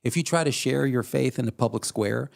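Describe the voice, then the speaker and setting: A man's voice: medium pitch, creaky. A man co-hosting a podcast, arguing in a heated casual debate with an emphatic, insistent manner. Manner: fast, emphatic, rising to indignant outbursts. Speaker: podcast co-host.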